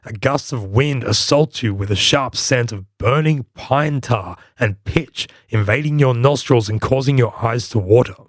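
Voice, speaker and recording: A man's voice: medium pitch, measured pace, few pauses, no echo, clean studio sound. Wry man narrating a history podcast. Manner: wry, playful storytelling. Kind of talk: scripted narration.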